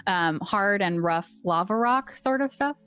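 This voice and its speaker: A woman running a tabletop game as game master, explaining rules in a relaxed, chatty way. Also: mid-range voice, a little slow, clean tone, no echo, faint music behind.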